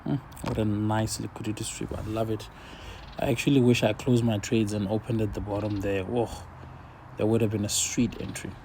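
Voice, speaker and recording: A man's voice: lowish voice, flat delivery, moderate pace, a little mellow, a little hiss or hum. A laid-back man casually commenting on his forex trades while sharing his screen, talking half to himself as he watches the charts.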